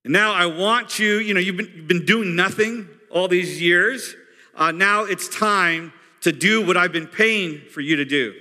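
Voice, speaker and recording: A man's voice: high voice, measured pace, pushed and bright, exaggerated voice. A man doing a bossy ancient king. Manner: bossy, impatient. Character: demanding ancient male king scolding his advisers. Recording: long hall reverb.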